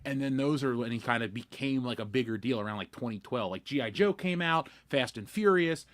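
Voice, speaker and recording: Animated rambling man in casual chat. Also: medium pitch, brisk. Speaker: podcast co-host.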